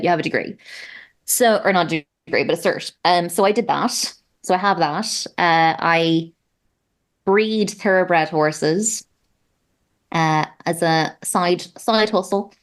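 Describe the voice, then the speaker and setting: Chatty Irish woman, lowish voice. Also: unhurried. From Ireland. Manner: chatty, self-deprecating, many fillers. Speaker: guest athlete. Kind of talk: casual interview chat.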